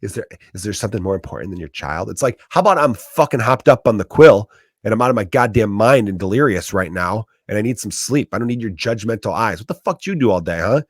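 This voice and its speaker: A man's voice: lowish voice, lively intonation, quick pace, no room sound, clean studio sound. A man in his thirties with a Chicago accent, a comedian hosting his podcast and ranting in a profane comedic monologue. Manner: profane, ranting, acts out quoted voices.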